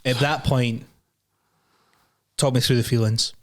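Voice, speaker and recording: A man hosts a relaxed podcast chat. He laughs easily and keeps the guest talking with quick, short questions. His voice sits at a middle pitch. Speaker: podcast host.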